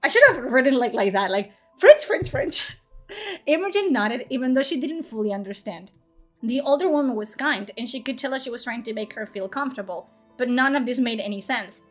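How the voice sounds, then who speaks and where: Woman streamer, slightly high voice, reads her own fiction and cracks sweary, self-mocking asides, faint music behind. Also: brisk. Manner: swears freely, laughs at herself, chatty asides. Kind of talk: story reading with casual asides.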